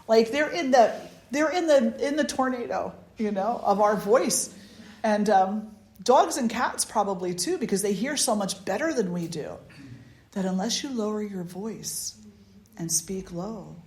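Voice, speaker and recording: A woman gives an informal spiritual talk as the teacher of a satsang, chatty and animated, laughing often and restarting her sentences as she goes. Her voice sits in a middle pitch. The recording carries a roomy echo. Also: a little slow.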